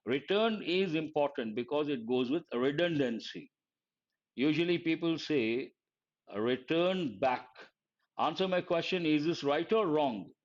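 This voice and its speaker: Tutor, quizzing students. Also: male voice, on the high side. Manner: quizzing students, repeating key phrases slowly. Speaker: English vocabulary teacher. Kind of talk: live online grammar lesson. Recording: dull lo-fi stream audio.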